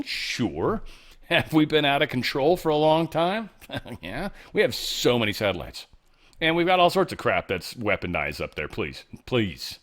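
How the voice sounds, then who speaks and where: A man's voice: medium pitch, fairly bright tone. A man hosting a talk show, commenting on news in a casual, sarcastic, jokey way, dropping into mumbled asides. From United States. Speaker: podcast host.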